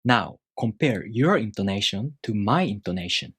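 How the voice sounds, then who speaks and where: Male tutor, mid-pitched, slightly husky, patient and orderly video-lesson delivery. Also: unhurried, no echo, clean studio sound. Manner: calm, methodical explanations with spoken examples. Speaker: language teacher.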